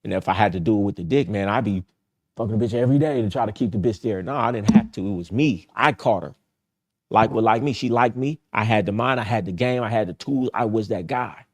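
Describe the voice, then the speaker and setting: A middle-aged man hosts a dating-advice livestream, talking casually in a blunt, profane, repetitive streetwise style. His voice is on the low side and he talks fast.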